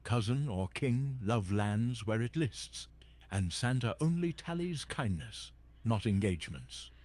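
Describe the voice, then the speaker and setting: A man's voice: medium pitch, lively intonation, a little slow, a little mellow. A synthetic male voice playing a jolly old Santa Claus chatbot, chatting cheerily in holiday wordplay. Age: older.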